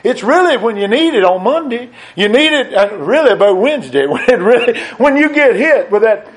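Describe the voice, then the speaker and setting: Preacher guy, high voice, folksy, swings loud then drops quiet. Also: big pitch swings, fairly quick, few pauses. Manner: folksy, rising to emphatic peaks then dropping low. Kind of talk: sermon.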